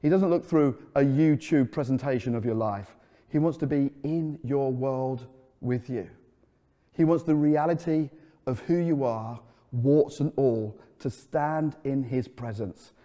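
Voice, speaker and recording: A middle-aged man preaching a sermon as a pastor, telling stories and dropping into a soft, earnest tone. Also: medium pitch, measured pace. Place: church. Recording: echoey hall. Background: long hall reverb.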